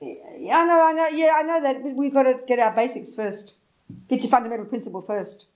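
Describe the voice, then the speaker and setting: An older English woman with an English accent gives a Buddhist talk in a blunt, animated way. Her voice sits slightly high. She stops often so an interpreter can repeat her. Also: fairly quick, muffled recording. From England. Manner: blunt, lively storytelling with exclamations. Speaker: Buddhist teacher. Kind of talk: teaching with consecutive interpreter.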